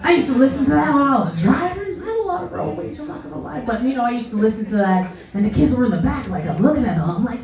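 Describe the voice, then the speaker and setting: A woman's voice: on the high side, rapid-fire, few pauses. A woman performing a stand-up comedy set on a club stage, telling stories and acting out the voices in them with lots of animation. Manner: animated, acts out her own and others' voices. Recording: echoey comedy club from far off, dull sound, crowd laughing. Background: audience laughter.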